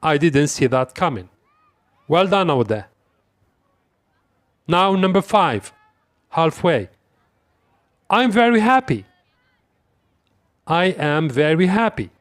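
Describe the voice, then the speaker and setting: A man hosting an English lesson as a quiz, saying each example phrase slowly and deliberately and repeating it. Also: fairly high pitch, lively intonation, dry recording, studio quality. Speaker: English teacher. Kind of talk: quiz-style language lesson.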